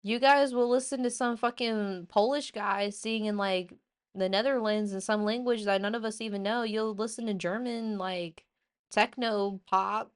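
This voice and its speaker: A woman's voice: mid-range voice, fairly even intonation, normal speed, smooth. Blunt, profane woman ranting. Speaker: host. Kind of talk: casual opinion rant.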